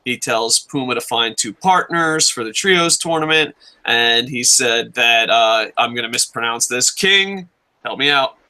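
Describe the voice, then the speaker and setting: Bright-voiced excitable man. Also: mid-range voice, a little slow, clear, resonant tone. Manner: excitable, profane, jokey, shouts in bits. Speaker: wrestling review host. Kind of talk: casual podcast chat.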